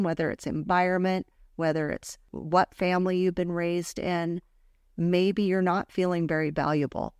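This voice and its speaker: A woman's voice: fairly low pitch, darkish tone, no echo, clean studio sound. A woman hosting a faith podcast, talking in an earnest, heartfelt way and telling a personal story. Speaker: podcast host. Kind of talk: casual faith podcast talk.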